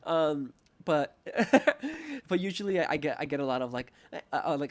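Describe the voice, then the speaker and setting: A man's voice: on the high side, very animated, slow. A young man hosting a casual podcast chat, rambling and self-mocking, laughing often and acting out quoted voices. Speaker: podcast host.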